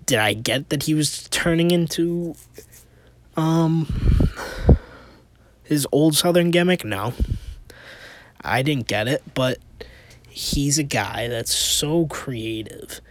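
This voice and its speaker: A man's voice: fairly high pitch, slow pace, pauses often, dry recording. A man hosting a casual opinion podcast, rambling with restarts and rhetorical questions, sounding exasperated. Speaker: podcast host.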